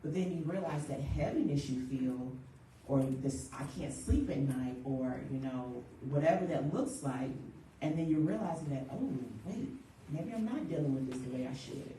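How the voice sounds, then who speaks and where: A woman grief counselor leading a church workshop, talking in a lively way and acting out quick everyday quotes. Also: sits low, a little hiss or hum. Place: church hall. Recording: echoey room, voice from far off.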